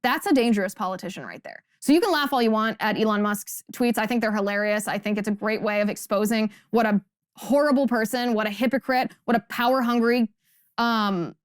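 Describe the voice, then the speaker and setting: Female commentary host, slightly high pitch, dry close sound, pointed rhetorical delivery. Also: fairly quick, clean tone, no room sound. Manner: emphatic, sarcastic, rhetorical questions. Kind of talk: opinionated monologue.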